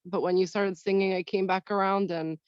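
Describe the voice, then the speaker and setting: A woman taking part in a breathwork session shares her experience on a video call, speaking candidly and haltingly while she searches for words. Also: medium pitch, fairly even intonation, smooth, no echo. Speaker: session participant. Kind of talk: personal sharing on a video call. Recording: dull, dry video-call audio.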